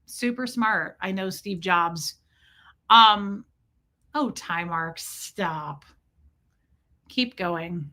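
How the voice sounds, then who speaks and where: A middle-aged woman chats to her stream in a bright, forward voice. She rambles through a story, undercuts herself with deadpan jokes and mock confessions, and breaks off now and then to answer chat. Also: medium pitch, drawn-out words, pauses often. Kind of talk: casual storytelling live stream.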